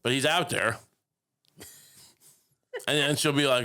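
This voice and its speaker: A man co-hosting a comedy podcast, talking in deadpan, rambling bits full of restarts. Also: mid-range voice, moderate pace, long pauses. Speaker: podcast co-host. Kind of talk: casual comedic podcast banter.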